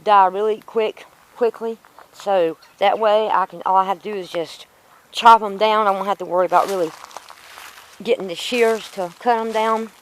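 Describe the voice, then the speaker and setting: Woman vlogger, mid-pitched, rambling and frustrated, sore-mouthed, faint noise behind. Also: steady tone, moderate pace, low-quality recording. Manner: rambling, frustrated, self-talking. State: in pain from a sore tooth. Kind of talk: casual chatty vlog. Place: outdoors in a yard.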